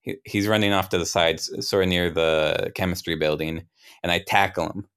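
A man's voice: low voice, steady tone, moderate pace, fairly bright tone, clear, resonant tone. A young man improvising a tabletop role-play, narrating a memory in a rambling, self-interrupting, wry way. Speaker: player narrating his character.

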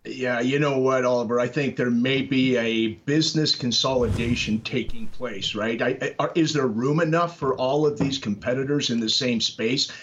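Male market commentator, mid-pitched, halting delivery full of fillers. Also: a bit bright, muffled recording, slight background noise. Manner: hesitant, many fillers and restarts. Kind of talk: financial news panel discussion.

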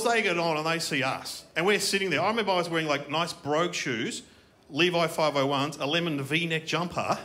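A middle-aged Australian man tells a comic story on stage, his pitch leaping up and down as he acts out each character. His voice sits a little on the high side for a man. The live stage recording carries clear ambient noise underneath. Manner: storytelling with acted-out characters and punchlines. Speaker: stand-up comedian. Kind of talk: stand-up comedy routine. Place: comedy festival stage before a live audience.

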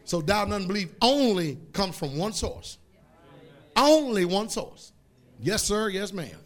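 A man preaching a sermon as pastor, fervent and rising into shouts. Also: high voice, expressive, moderate pace.

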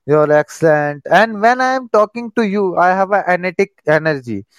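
A man joins a live stream as a guest and talks eagerly in halting, broken English full of fillers. His voice is smooth and clear and a little high for a man. The sound is dry and close. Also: animated, no room sound. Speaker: guest caller. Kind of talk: casual chat.

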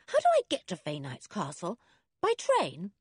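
A woman's voice: lowish voice, huge pitch swings, moderate pace, darkish tone, breathy edge, dry recording, clean studio sound, full character voice. A woman voicing an eager, boisterous tomboy girl in a storybook reading, bouncy and enthusiastic.

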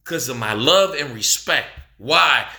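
A man, delivering an impassioned monologue full of repeated rhetorical questions and swelling toward a shout. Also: mid-range voice, expressive, a little slow. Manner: repetitive, rhetorical questions, rising to near shouting. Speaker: speaker addressing the nation. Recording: echoey room.

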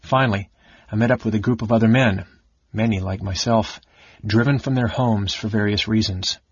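A man's voice: fairly low pitch, steady tone, moderate pace, husky, no room sound. A man reading the part of a grieving young nobleman and knight who turned bandit, speaking bitterly and grimly. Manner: bitter and grim. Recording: dull lo-fi recording.

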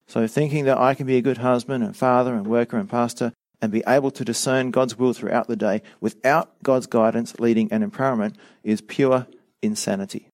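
A middle-aged man preaching a sermon as a pastor, earnest and measured, with a touch of dry sarcasm. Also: mid-range voice, fairly even intonation, darkish tone, dry recording.

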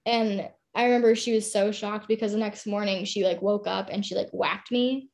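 A woman's voice: medium pitch, fairly even intonation, normal speed, darkish tone. A young woman in her twenties, a podcast guest, chatting through a story and using "like" a lot. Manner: chatty, lots of "like". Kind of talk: casual storytelling.

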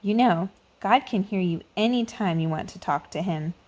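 A woman voicing a cheerful, encouraging female mentor who speaks loudly and reassuringly in a storybook reading. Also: medium pitch, normal speed, lightly acted. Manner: enthusiastic, reassuring.

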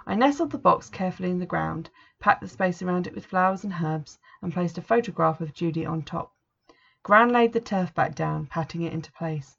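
Measured woman storyteller, low and gravelly, muffled recording. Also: a bit bright. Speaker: narrator. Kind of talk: first-person story reading. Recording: dull lo-fi recording.

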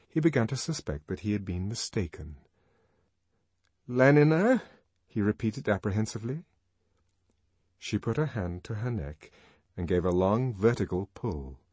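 A man narrating a novel in an audiobook with expressive, lively delivery. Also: lowish voice, breathy edge, no room sound. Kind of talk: novel reading.

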